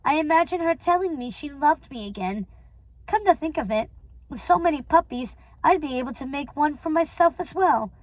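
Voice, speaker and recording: A woman reading a novel aloud in a steady way, with small stumbles and self-corrections. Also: high-pitched, normal speed, no echo, poor audio. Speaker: reader.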